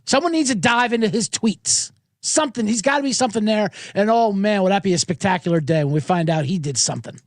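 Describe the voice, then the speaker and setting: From a home studio with monitors, a man hosts a podcast, rambling through a casual, irreverent, profane monologue into a close studio mic. His voice is high and fast, with no room sound.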